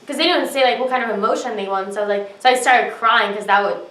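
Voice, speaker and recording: A woman's voice: a little high, fast talker, fairly bright tone. Chatty young woman in an echoey room. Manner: chatty, filler-heavy, acts out her own reactions. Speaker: actor telling an audition story. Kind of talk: casual storytelling to camera. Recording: roomy, distant mic with faint ambience.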